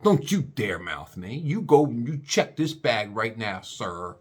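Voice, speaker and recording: A man voicing a snippy, stern woman airport security agent who scolds slowly and firmly. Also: mid-range voice, big pitch swings, breathy edge. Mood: scolding. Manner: scolding, drawn-out.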